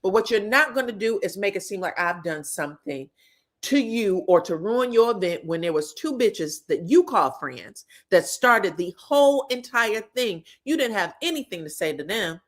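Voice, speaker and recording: A woman's voice: medium pitch, lively intonation, normal speed, natural voice. A woman voicing a furious woman who curses and fights back hard during an argument. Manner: cursing, combative.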